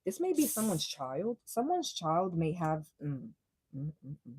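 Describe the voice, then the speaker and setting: Young woman, tarot reader on a live stream; mellow, slangy, swears freely, dry close sound. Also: sits low, very animated, normal speed, breathy edge, no room sound, low-quality recording. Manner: blunt, profane, slangy and laughing. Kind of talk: casual live tarot reading.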